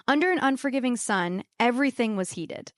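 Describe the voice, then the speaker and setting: A woman performs a true comic story for a live audience, dropping wry, deadpan asides. Her voice sits fairly high. The sound is dry and close. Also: fairly quick, no echo.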